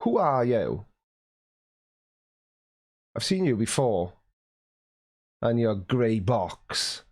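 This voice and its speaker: A Welsh man hosting a casual live stream from his desk at home, reading viewer comments in a chatty, teasing way and often clearing his throat. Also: medium pitch, very animated, drawn-out words, pauses often, a little mellow.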